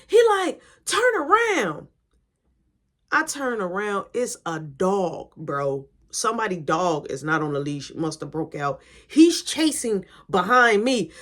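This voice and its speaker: A young adult woman telling a casual story, animated and slangy, acting out the quotes. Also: on the high side.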